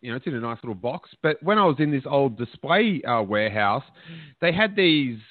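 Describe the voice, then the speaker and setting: A man's voice: medium pitch, lively intonation, a little fast, no echo. A man hosting a podcast, chatting casually and telling joking anecdotes. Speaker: podcast host. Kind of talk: casual chat. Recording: phone-like lo-fi line, dry.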